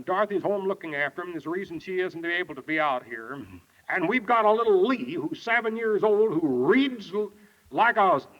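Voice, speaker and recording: An older man preaching a sermon, telling stories in a folksy, animated way. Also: high-pitched. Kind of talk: storytelling sermon. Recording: dull lo-fi archive tape.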